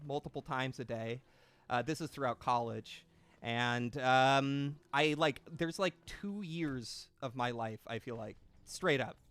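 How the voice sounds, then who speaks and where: A man's voice: medium pitch, fairly bright tone, smooth. Young male streamer, late twenties, loose rambling chat with plenty of swearing, self-mocking and easygoing, at a desk mic. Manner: rambling, self-deprecating, swears freely, reads chat aloud. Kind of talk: casual gaming stream chat.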